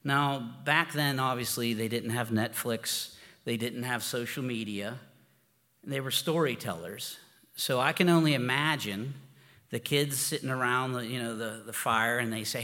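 A man's voice: mid-range voice, measured pace, bright, forceful tone. Man preaching in a reverberant hall. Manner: informal and storytelling, with frequent restarts and "you know". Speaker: pastor. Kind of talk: conversational sermon.

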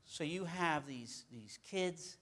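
A man's voice: on the high side, lively intonation, takes it slowly, fairly bright tone. A man teaching scripture in a loose, conversational sermon, often repeating words for emphasis and restarting phrases. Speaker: Bible teacher.

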